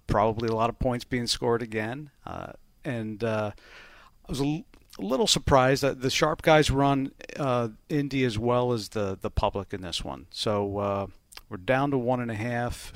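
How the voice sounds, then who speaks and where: A man's voice: on the low side, no echo. A man who works as a bookmaker, casually and methodically explaining betting lines on a podcast, laughing easily. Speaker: sportsbook bookmaker, co-host.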